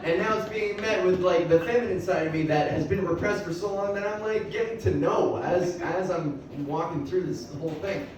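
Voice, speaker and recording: A woman doing stand-up in a bar, raspy-voiced, loose and rambling, self-deprecating and laughing often. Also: on the low side, normal speed, hardly any pauses, a little mellow. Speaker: stand-up comedian. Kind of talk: stand-up comedy set. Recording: echoey bar miked from far off with room noise.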